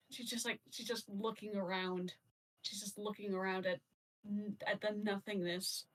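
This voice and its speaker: A woman player narrating her character in a tabletop game, in halting, filler-heavy casual speech. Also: mid-range voice, steady tone, fairly bright tone, recorded from a distance, rough recording.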